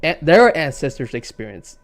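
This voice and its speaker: A gaming streamer chats casually over his game, his voice fairly high, creaky and swinging widely in pitch at a moderate pace. He rambles, stammers into restarts, repeats words and swears offhandedly.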